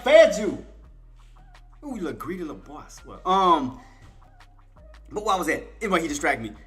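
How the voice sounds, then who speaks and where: A man's voice: a little high, sing-song, moderate pace, pauses often, fairly bright tone, faint music behind. A man hosting a day-trading live stream, chatting casually and teasing playfully, laughing often.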